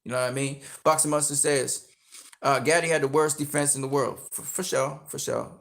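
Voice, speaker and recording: A man's voice: medium pitch, fairly even intonation, fairly quick, gravelly, a bit bright. A man hosting a live stream, ranting in a casual, emphatic way, swearing a lot and tagging his points with "okay?". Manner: emphatic, profane, repeats "okay?" often. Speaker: boxing stream host.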